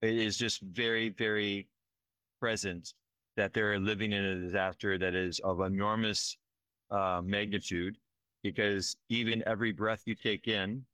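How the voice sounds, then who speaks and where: A man's voice: fairly low pitch, level tone, a little slow, bright, forceful tone, no echo. A man telling of relief work in an earnest, emotional way, often checking in with "right?". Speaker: disaster relief worker. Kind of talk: conversational field report.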